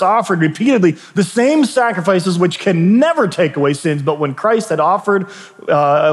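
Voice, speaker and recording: A man preaching a sermon in a relaxed, conversational way, often restarting phrases and tossing in asides to the congregation. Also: a little high. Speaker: pastor. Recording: long reverb of a large hall.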